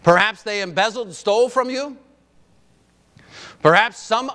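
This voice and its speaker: A male pastor delivering a sermon, firing off rhetorical questions and swinging between loud emphasis and quiet, soft lines. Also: high voice, expressive, unhurried.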